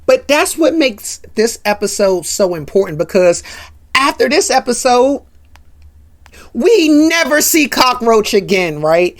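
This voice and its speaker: A chatty woman host giving a casual commentary recap, her pitch swinging up and down with lively energy. She keeps checking in with the listener by tacking "right?" onto her sentences.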